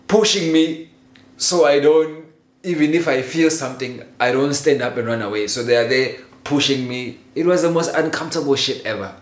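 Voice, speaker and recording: A man telling a childhood story in a casual, animated way, laughing often and swearing freely. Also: mid-range voice. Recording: roomy echo with faint ambient noise.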